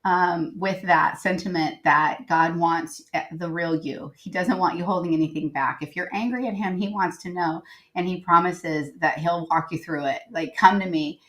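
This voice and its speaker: Earnest woman guest, lower voice. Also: normal speed, a bit bright, rough recording. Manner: earnest, reflective, with fillers. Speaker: guest, writer and editor. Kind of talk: podcast interview storytelling.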